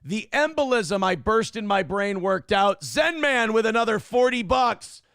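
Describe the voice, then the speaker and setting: A man's voice: high voice, animated, unhurried, a bit bright, smooth, no echo, studio quality. A middle-aged man hosting a livestream morning show, reading out donations in a brash, taunting, profane way. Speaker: host.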